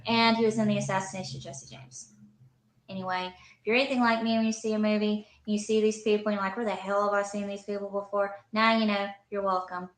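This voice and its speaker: A woman rambles through a casual movie review, tossing off dry asides about the cast. Her voice rings in an echoey room, and her pitch sits in the middle of a woman's range. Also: flat delivery, quick pace. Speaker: movie reviewer in an old video.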